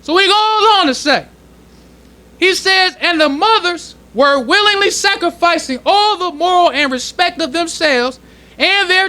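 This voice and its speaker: A male minister delivers a teaching sermon in a temple congregation hall, his strikingly high voice bright and sharp. He preaches in loose, casual street-level speech, deliberately slowing whenever he reads a passage aloud.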